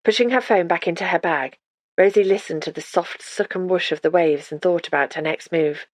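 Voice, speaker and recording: Low-voiced woman narrating an audiobook. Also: brisk, dry recording, clean studio sound. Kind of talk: scripted narration.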